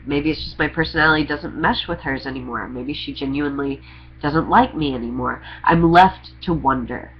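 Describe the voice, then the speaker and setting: A man's voice: fairly high pitch, husky, muffled recording. A young trans man talking candidly to camera in a rambling, confessional vlog with sarcastic humor. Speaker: vlogger. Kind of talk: candid personal vlog monologue.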